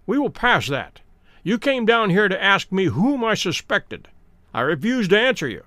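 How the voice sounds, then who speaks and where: A man reading a calm, commanding detective. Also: high-pitched, dry recording, pitched above the performer's own voice. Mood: stern. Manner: calm, measured, authoritative. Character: cool, precise, commanding male detective. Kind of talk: dramatic audiobook reading.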